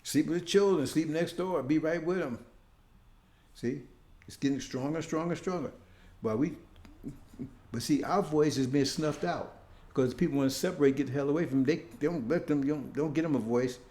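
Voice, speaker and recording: A man preaches informally and conversationally, regularly checking in with listeners by asking "see?". His slightly high voice has a dark tone, moves at normal speed, and echoes in the room.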